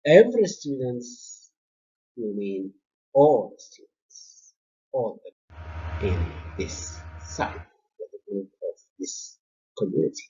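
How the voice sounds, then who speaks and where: A male university lecturer with a Sudanese accent, Arabic-speaking by birth, explaining grammar in a recorded lecture, slow and halting with many fillers and repeated points. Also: medium pitch, very animated, dark tone, lo-fi sound.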